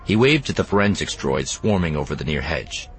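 Male audiobook narrator, deep and expressive, lively intonation. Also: a little fast. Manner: expressive, even storytelling. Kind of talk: scripted narration.

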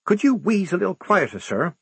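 A man's voice: high-pitched, very animated, a little fast, vocal fry, husky, no echo, voice pushed up, heavily acted. A man voicing an earnest young woman recruit who speaks deferentially to her officers.

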